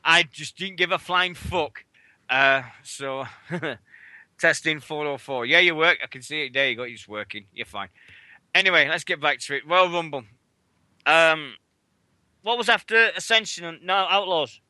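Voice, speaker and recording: Sweary british guy on radio, high bright voice, bouncing all over. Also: normal speed, no echo. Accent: British English. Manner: sweary, rambling storyteller. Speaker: wrestling radio host. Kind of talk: casual chat.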